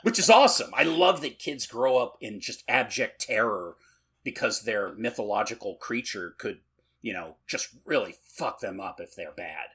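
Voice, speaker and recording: Man co-host, casual podcast chat, rambling and profane, lively pitch, husky bright tone. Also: normal speed. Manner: rambling, profane, laughs often.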